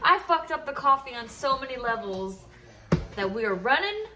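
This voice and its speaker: A woman's voice: sits high, sing-song, normal speed, bright, forceful tone. A woman co-hosting a casual podcast from her home kitchen, laughing often and swearing casually. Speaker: podcast co-host. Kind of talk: casual chat.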